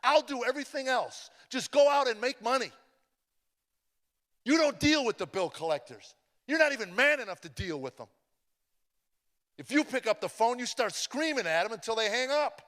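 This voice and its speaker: Man doing an exasperated scolding wife, high, sharp, long hall reverb. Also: expressive, normal speed, long pauses.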